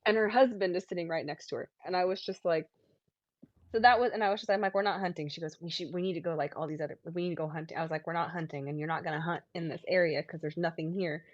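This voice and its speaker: A woman's voice: fairly low pitch, fast, no room sound, muffled recording. A woman in her thirties telling rambling stories in casual chat, acting out what people said. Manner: rambling storyteller, acts out quotes in lively voices.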